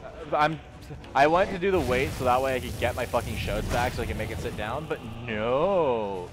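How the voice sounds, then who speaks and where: A man's voice: mid-range voice, normal speed. Crude joking male gaming streamer. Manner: crude, joking, talks to the game. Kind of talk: casual let's play commentary. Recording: game music behind voice. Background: game music.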